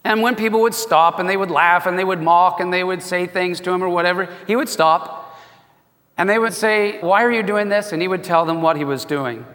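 A man preaching a sermon as a pastor, telling stories in an animated way and acting out the voices in them. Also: high voice, fairly quick, long reverb tail. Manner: animated storytelling, acts out quoted voices.

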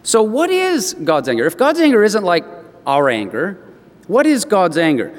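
A male pastor preaches with a lively, swooping delivery, his voice set a little high for a man. He tells homely stories to his congregation. A long hall reverb trails every phrase, as if he is in a church sanctuary. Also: moderate pace. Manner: animated storytelling with expressive rises. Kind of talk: sermon.

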